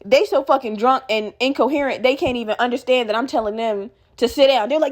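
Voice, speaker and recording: A woman hosting a podcast, telling a workplace story in a casual, animated, heavily profane way and acting out what people said. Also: high voice, fast talker, few pauses. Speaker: podcast host.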